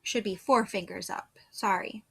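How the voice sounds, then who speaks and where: A woman's voice: medium pitch, steady tone, normal speed, vocal fry, a bit bright, husky. A woman teaching first grade phonics, patiently sounding out letters and words one at a time. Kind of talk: slow phonics dictation lesson.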